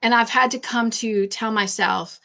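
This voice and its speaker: A woman hosts a craft channel livestream, chatting casually and rambling, repeating herself when she gets nervous. Her voice is a little high, pushed and bright, at a normal speed with fairly even intonation.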